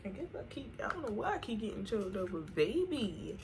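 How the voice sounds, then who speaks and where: A woman's voice: medium pitch, big pitch swings, fairly quick, vocal fry, slight background noise. A young woman chatting casually while doing her makeup, slangy and singing snippets between remarks. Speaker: beauty vlogger. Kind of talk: casual get-ready-with-me chat.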